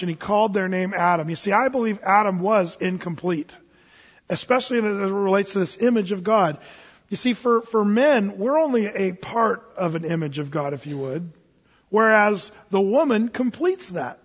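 A man's voice: high voice, husky, in a large hall, muffled recording. A middle-aged man preaching a sermon in a folksy, conversational way, chuckling now and then. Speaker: pastor.

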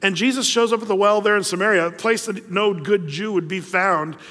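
Pastor, somewhat high-voiced man, casual storytelling sermon full of fillers, long hall reverb. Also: fairly quick, a bit bright. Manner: conversational, storytelling, many fillers and restarts.

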